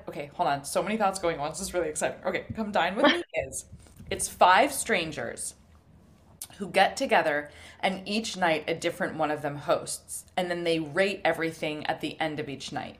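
A young woman co-hosting a food podcast in casual chat, telling animated stories, swearing and laughing often. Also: lowish voice, normal speed, a little hiss or hum. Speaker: podcast co-host.

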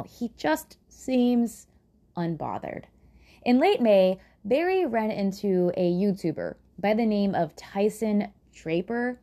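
Woman host for casual true crime storytelling, chatty and sarcastic, swears freely, warm low-key tone that swings up and down a lot.

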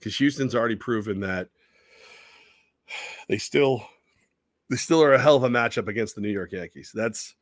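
Man, sports radio co-host, lowish voice, dry close sound, casual, animated, swearing a bit. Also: normal speed, pauses often, dry recording. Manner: animated storyteller, swings loud and quiet, swears casually. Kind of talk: casual sports talk with live ad reads.

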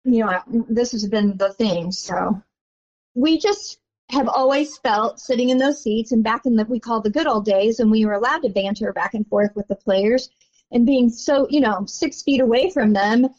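A woman's voice: a little high, moderate pace, darkish tone. An older woman, a longtime basketball season ticket holder, telling stories in a casual interview in a rambling, chatty way full of "you know". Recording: dull lo-fi audio.

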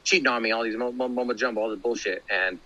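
A bright, forceful man in his thirties tells a long personal story in a loose, rambling way. He swears freely, fills gaps with "you know," and restarts his sentences. When he quotes other people, his pitch leaps upward. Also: steady tone, fast, highs cut off. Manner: rambling, profane, many fillers and restarts; acts out quoted voices with big pitch jumps.

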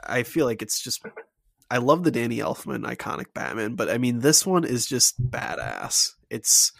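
A man's voice: medium pitch, big pitch swings, moderate pace, creaky, a bit bright, dry recording, clean studio sound. A man co-hosting a podcast, chatting casually and enthusiastically about a film, rambling with many fillers. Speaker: podcast co-host. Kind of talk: casual film review chat.

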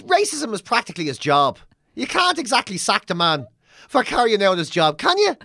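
A man's voice: sits high, wildly swooping pitch, normal speed, gravelly, pushed and bright, no room sound, studio quality. A man with an Irish accent co-hosting a podcast, bantering in a sweary, mocking way. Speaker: podcast co-host. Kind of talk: casual chat.

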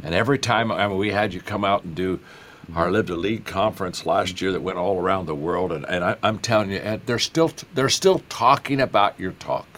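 A man's voice: low-pitched, a little fast, fairly bright tone, a little hiss or hum. An older man, a guest author, speaking in a folksy, enthusiastic way with many repetitions. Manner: folksy, enthusiastic storyteller who repeats himself. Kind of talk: interview conversation.

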